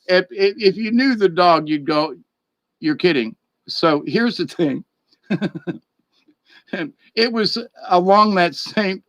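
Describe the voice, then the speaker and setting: Man vlogger, rambling chuckling storyteller, higher voice, dry close sound. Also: fairly bright tone, dry recording. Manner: rambling, chuckling, repeats words. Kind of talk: casual storytelling.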